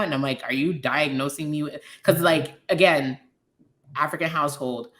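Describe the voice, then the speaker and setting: A woman's voice: low-pitched, normal speed. A Liberian American woman in her thirties, a guest candidly telling her personal story, acting out quoted dialogue. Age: 30s. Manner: open, frank, animated retelling with quoted dialogue.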